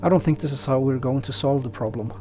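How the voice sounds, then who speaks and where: A man's voice: mid-range voice, quick pace, dark tone, faint music behind, close to an everyday voice. A man reading as a stubborn country fellow. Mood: insistent. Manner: folksy, plain-spoken reading. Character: stubborn rural man arguing to climb.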